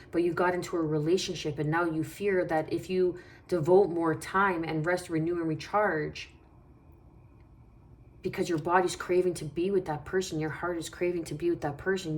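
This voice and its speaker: A woman's voice: fairly low pitch, darkish tone. A woman giving a casual tarot reading, talking in a meandering, reassuring way and thinking aloud as she goes. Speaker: tarot reader.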